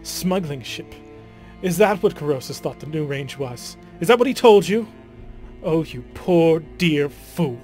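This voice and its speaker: A man's voice: on the high side, animated, measured pace, darkish tone, soft background music. A man doing a sneering British villainess. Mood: gloating. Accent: British (put on). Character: scheming imprisoned noblewoman villain, gloating and cruel. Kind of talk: dramatic reading of game dialogue.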